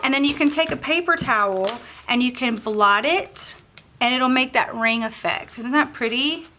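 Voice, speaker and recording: This craft tutorial host, a woman with a Southern accent, keeps up a casual, bubbly commentary while painting, voicing her thoughts as she goes. She speaks at a moderate pace in a high-pitched voice that's pushed and bright. A little hiss or hum can be heard.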